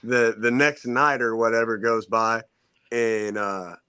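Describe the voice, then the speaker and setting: Brief: man, casual co-host spinning an animated yarn, dry close sound. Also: mid-range voice, slow, smooth, no room sound. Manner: animated storyteller, acts out quoted voices. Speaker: podcast co-host telling a story. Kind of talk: casual storytelling chat.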